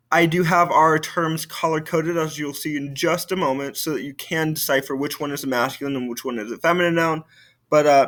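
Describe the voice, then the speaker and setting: A man's voice: fairly high pitch, fairly bright tone. A man teaching a recorded French lesson, patiently saying vocabulary for students to repeat.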